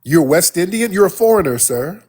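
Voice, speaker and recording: A livestream host with a husky, somewhat high male voice scolds a caller in a heated argument, repeating "sir" with sharp disdain. He's animated and keeps a moderate pace, his pitch leaping wildly, captured on a phone or desktop mic.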